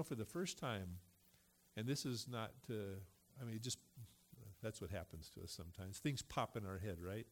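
Man preaching a conversational sermon. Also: medium pitch. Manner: conversational preaching, loose and chatty. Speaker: pastor.

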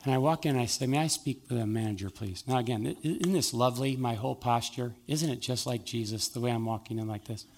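A man's voice: mid-range voice, vocal fry. A middle-aged male pastor preaching a sermon, telling a personal story and acting out both sides of the conversation.

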